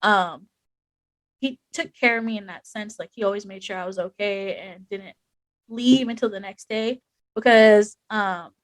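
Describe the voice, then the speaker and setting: A young woman speaks candidly as a podcast guest, her voice sitting at an ordinary middle pitch. She talks frankly and emotionally, with plenty of "like" fillers. The recording is dry and close. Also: a little slow, dry recording, rough recording. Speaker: podcast guest, Army veteran. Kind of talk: candid conversational storytelling.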